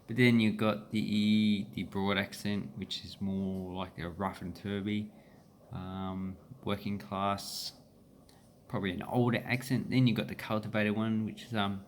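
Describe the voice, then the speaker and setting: A man with an Australian accent explaining pronunciation in a relaxed, meandering way, with filler pauses. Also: lowish voice, a little hiss or hum. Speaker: language teacher. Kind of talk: casual explanatory lesson.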